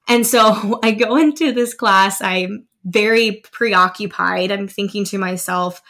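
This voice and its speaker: A woman's voice: mid-range voice, normal speed, vocal fry, hardly any pauses, a bit bright. A woman in her thirties hosting a motivational podcast, telling a personal story in an upbeat way and laughing often. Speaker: podcast host.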